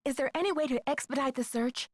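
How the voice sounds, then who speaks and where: A woman's voice: high-pitched, fast, dry recording, studio quality, natural voice. An actress voicing a polite, inquisitive young woman detective in a game. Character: curious young female detective.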